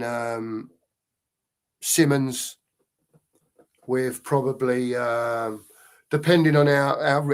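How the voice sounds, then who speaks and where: A middle-aged man talks loosely on a live fan stream and drifts between thoughts. He often stops to read out viewer comments, in an easy, rambling way. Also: mid-range voice. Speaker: fan channel co-host. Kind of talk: casual live-stream chat.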